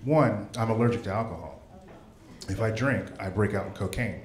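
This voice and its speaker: A man's voice: lowish voice, normal speed. A man performing stand-up, with dry, confiding setups. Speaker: stand-up comedian. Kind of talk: stand-up set. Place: comedy club stage. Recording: roomy club with loud crowd.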